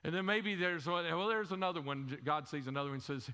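A man's voice: fairly high pitch, a little fast, bright, forceful tone, smooth. A male pastor preaching a sermon in a church, conversational, throwing rhetorical questions at the congregation and repeating words as he goes. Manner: frequent word repeats and fillers. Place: church sanctuary. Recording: long hall reverb in a church.

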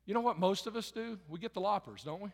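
A male pastor preaches a conversational sermon, rising loud for emphasis, dropping quiet and low, and repeating phrases. His voice is animated, quick, and creaky, and the recording carries a long hall reverb.

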